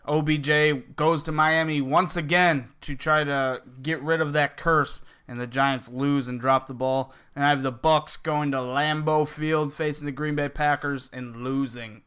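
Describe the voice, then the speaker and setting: A man on a casual sports podcast panel with a bright, crisp voice pitched a little high. He gives his picks briskly and to the point. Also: steady tone.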